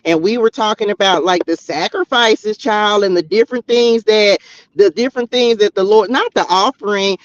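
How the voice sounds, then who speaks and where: High-voiced man, chatty spiritual vlog. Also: normal speed, no room sound. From Texas, US. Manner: exclamatory, chatty, talks straight to viewers as "y'all" and "child". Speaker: spiritual tarot vlogger. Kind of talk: casual spiritual message to viewers. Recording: dull, slightly lo-fi audio.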